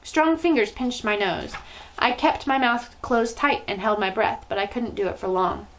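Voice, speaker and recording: Storytime reader: a woman with a slightly high voice, telling a children's book with drama. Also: moderate pace, fairly bright tone, a little hiss or hum, poor audio. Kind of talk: reading a children's novel aloud.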